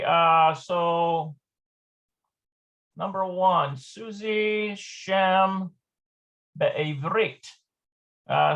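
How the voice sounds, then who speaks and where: A man's voice: a little high, vocal fry, fairly bright tone. A man teaching an informal Hebrew lesson, thinking aloud as he explains each point. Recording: dull lo-fi recording.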